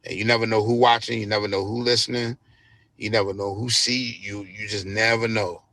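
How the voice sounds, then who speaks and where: Low gravelly man telling a story. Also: fairly even intonation, brisk, bright, forceful tone, no room sound. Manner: laid-back, profane, acts out quotes. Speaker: DJ guest. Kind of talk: casual storytelling interview.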